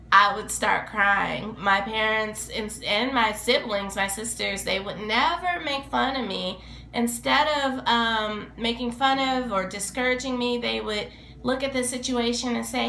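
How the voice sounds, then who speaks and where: A woman teacher reading a picture book aloud to a class, slow and expressive, with some fillers. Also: medium pitch, gravelly. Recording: echoey room, faint background noise.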